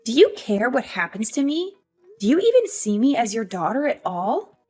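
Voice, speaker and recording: A woman voicing a hurt but defiant young adult daughter in an animated story, talking in an earnest, emotional way. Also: fairly high pitch, normal speed, slightly rough, soft background music. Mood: pleading.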